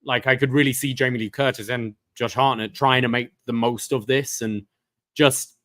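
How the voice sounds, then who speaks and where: A man's voice: medium pitch, fairly even intonation, moderate pace, fairly bright tone, no room sound, studio quality. A man co-hosting a casual movie review podcast, giving thoughtful, chatty critique with filler words. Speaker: podcast co-host.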